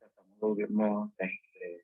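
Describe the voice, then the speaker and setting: A man guest telling a lively story in a casual interview, acting out the dialogue he quotes. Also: lowish voice, normal speed. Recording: tinny phone-line sound.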